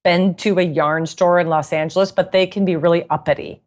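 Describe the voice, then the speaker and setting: A woman guest in a casual interview, telling stories in a chatty, animated way and laughing often. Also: lowish voice, a little fast. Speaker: guest musician and knitting author.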